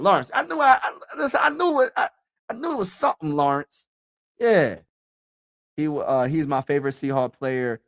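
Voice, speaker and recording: Animated young man chatting sports. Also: mid-range voice, no echo, clean studio sound. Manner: animated, slangy, says bro a lot, shouts and laughs. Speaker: sports streamer. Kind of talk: casual live-stream sports chat.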